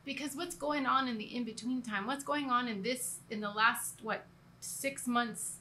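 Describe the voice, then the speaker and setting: A church co-leader gives a casual, earnest teaching in a fairly high, sharp voice at normal speed, with a little hiss or hum in the background. She rambles conversationally, restarts herself, and now and then laughs at herself.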